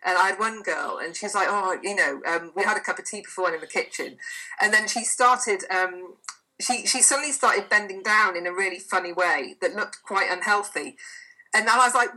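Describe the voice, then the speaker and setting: A woman's voice: medium pitch, fairly quick, sharp tone, poor audio. A woman, a therapist, speaking as a guest in a podcast interview, enthusiastic and emphatic as she retells sessions with clients. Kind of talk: conversational interview.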